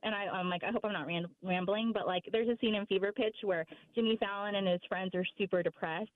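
A young woman talks casually as a podcast guest. She rambles, swears often, and gets animated. Her voice comes through a narrow, phone-quality line with a dry sound. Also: mid-range voice, quick pace, no echo. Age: young adult. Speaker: podcast guest, sports fan. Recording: thin phone-like call audio.

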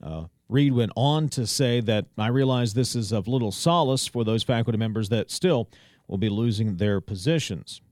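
A man hosting a radio news program, recapping a meeting in a measured way with frequent pauses and "uh" fillers. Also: on the low side, animated, a little mellow, no room sound, clean studio sound.

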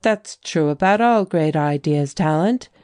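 A woman's voice: sits low, lively intonation, measured pace, darkish tone, no room sound, studio quality. A woman reading the lines of a genial, dignified male bank president in an audiobook. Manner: genial, reassuring.

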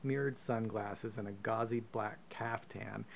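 A man co-hosting a podcast, reading a profane, comic choose-your-own-adventure story aloud with deadpan asides. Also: lowish voice, a little slow, vocal fry, slight background noise. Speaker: podcast co-host.

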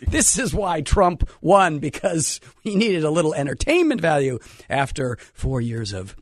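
A man hosting a radio call-in show, animated and wry, a bit hoarse from a cold. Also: on the high side, a little slow, no room sound. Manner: animated, wry, laughs while talking. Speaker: radio talk show host. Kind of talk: casual opinionated radio talk.

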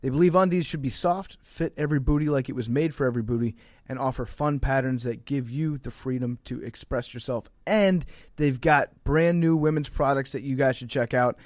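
A man's voice: medium pitch, fairly quick, no room sound. A podcast co-host reads sponsor spots in a dry, close recording with no room sound. He breaks the script with crude, joking asides. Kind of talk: ad read.

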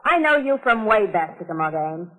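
A woman's voice: medium pitch, sing-song, brisk, fairly bright tone, poor audio. An actress playing a fed-up showgirl wife who fires off biting, scornful wisecracks, in 1940s radio-acting style.

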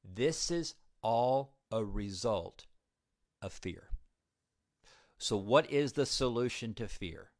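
A man's voice: fairly low pitch, lively intonation, slow pace, pauses often, a little mellow, no echo, clean studio sound. A man giving a motivational talk about recovery, emphatic, repeating key points and putting questions to his listeners. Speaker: recovery speaker.

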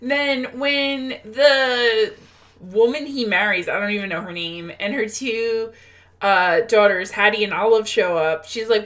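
A woman co-hosting a casual movie chat, sarcastic and quick to laugh. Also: mid-range voice. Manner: animated, laughing, sarcastic asides. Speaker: podcast co-host.

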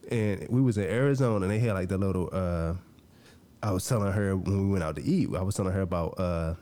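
A man hosting a podcast, telling a personal story in a casual, animated way, acting out what people said and laughing often. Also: low-pitched, fast talker. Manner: animated, acts out quoted lines, laughs often. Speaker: podcast host.

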